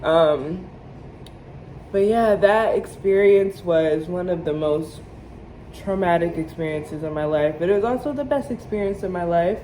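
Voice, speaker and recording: Animated woman telling a birth story. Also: fairly low pitch, measured pace, slight background noise, poor audio. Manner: animated storytelling, acting out quoted lines, laughing often. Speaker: vlogger. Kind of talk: storytime vlog.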